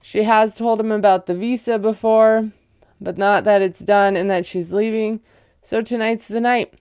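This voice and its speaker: A woman's voice: mid-range voice, fairly even intonation, normal speed, a little mellow, clear, resonant tone, dry recording, studio quality. A woman in her thirties, a mother, chattily recapping a reality show with sarcastic asides and lots of fillers. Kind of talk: casual recap commentary.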